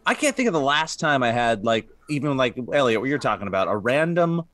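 A man's voice: medium pitch, sing-song, brisk, fairly bright tone, no echo. A man as a podcast co-host in casual chat, recalling an incident in a rambling way. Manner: rambling, trailing recollection.

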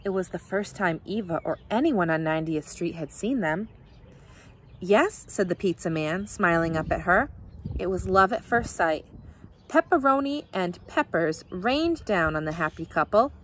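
A woman, a teacher, reading a children's picture book aloud with expressive, animated storytelling. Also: lowish voice, moderate pace, a little hiss or hum.

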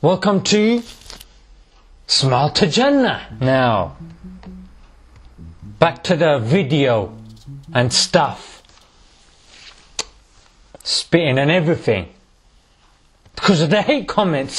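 A man's voice: on the high side, sing-song, takes it slowly, long pauses, husky. A man hosting a casual, mocking commentary on hate comments, tossing in "mate" again and again. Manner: sarcastic, mocking, peppers speech with "mate". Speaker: YouTube host.

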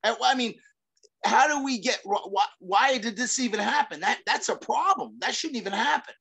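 A middle-aged man, a former fighter, talking as an interview guest in an energetic, rambling way, with many restarts, fillers and casual swearing. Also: very high-pitched, moderate pace, creaky, breathy edge. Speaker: guest, former fighter and self-defense trainer.

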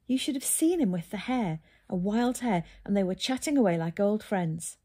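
A woman voicing an excitable, flustered middle-aged male birdwatcher who talks eagerly and breathlessly. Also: mid-range voice, normal speed, breathy edge. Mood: excited.

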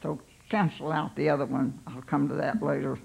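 An older woman, a pastor's wife, telling her life story in an unhurried, halting way, voicing her own thoughts aloud. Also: sits low, little pitch movement, gravelly, darkish tone, husky, rough recording.

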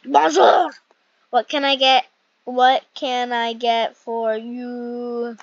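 A woman voicing a cheerful café server who greets customers in a bright, loud, chirpy way. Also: on the high side, flat delivery, extremely slow, no room sound. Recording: dull lo-fi mic.

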